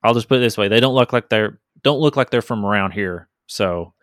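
A man's voice: fairly low pitch, brisk, a bit bright, no room sound, clean studio sound. A man running a tabletop game as game master, talking casually with many restarts and fillers. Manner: casual, hesitant, repeats words.

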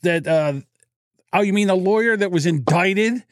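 A man co-hosting a podcast, telling animated stories in casual chat and acting out the people in them. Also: high-pitched, brisk, dry recording, clean studio sound. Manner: animated storyteller, acts out voices in anecdotes. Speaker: podcast co-host. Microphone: studio mic through a mixer.

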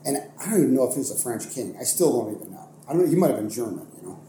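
Racing along in a medium-pitched voice, a young art teacher and coach from Ohio, United States, tells stories in a casual podcast interview. He's animated and rambling, with lots of fillers, restarts, and self-corrections, in an echoey room with faint noise.

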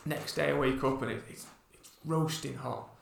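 A man's voice: medium pitch, fairly even intonation, normal speed, vocal fry, a little hiss or hum. A man, a podcast co-host and runner, telling a rambling story in casual chat with many restarts. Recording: echoey room, distant mic.

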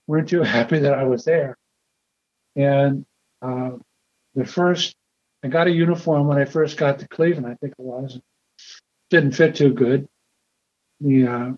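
An older man being interviewed, telling a story in a halting, rambling way with repeated words. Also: medium pitch, a little mellow. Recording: dull lo-fi recording.

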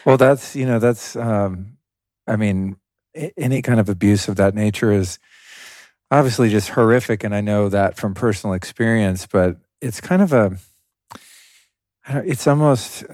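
Low-voiced thoughtful male podcast host. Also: normal speed, a little mellow, no echo, studio quality. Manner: thoughtful, searching, many fillers. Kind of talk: interview conversation.

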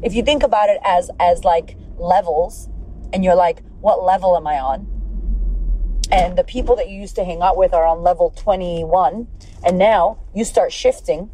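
A woman's voice: on the low side, dark tone, low-quality recording. A woman hosting a podcast, giving a blunt, profane, fired-up motivational pep talk. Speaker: podcast host and life coach.

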